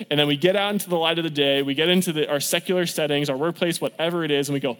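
A man's voice: on the high side, fairly even intonation, rapid-fire, few pauses, a bit bright. A young adult man preaching a casual storytelling sermon as a youth pastor, upbeat and conversational, acting out quotes from his stories. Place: church sanctuary. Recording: church hall reverb.

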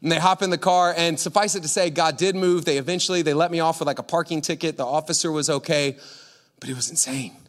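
High-voiced man preaching in an echoing hall. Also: fast. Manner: animated, laughing anecdote. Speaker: pastor. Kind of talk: sermon storytelling.

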